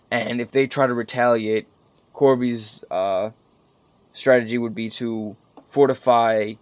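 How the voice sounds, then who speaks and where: A young gameplay commentator gives casual, profanity-laden commentary over strategy game footage, rambling and getting animated whenever he recalls frustrating moments. His voice is medium-pitched, with no echo.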